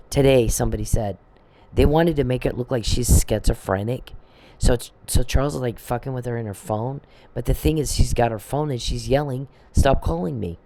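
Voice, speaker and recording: A woman's voice: very deep voice, warm tone, slight background noise. A middle-aged woman in a casual monologue, agitated, swearing and rambling as she vents. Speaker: vlogger.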